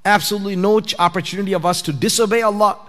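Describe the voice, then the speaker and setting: A man's voice: sits high, fairly even intonation, rapid-fire, fairly bright tone. A man giving a conversational sermon in a mosque prayer hall, asking rhetorical questions and building to emphatic points. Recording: long hall reverb.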